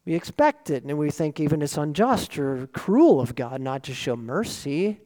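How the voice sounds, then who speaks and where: A man preaching a sermon in an earnest, lively way, often asking rhetorical questions. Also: fairly high pitch, moderate pace. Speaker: pastor. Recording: long reverb of a large hall.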